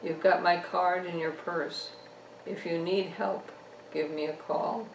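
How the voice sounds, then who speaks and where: A woman author reading the lines of a calm, patient male police officer, spoken quietly and briefly. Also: on the low side, takes it slowly, slight background noise. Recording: echoey room, distant mic.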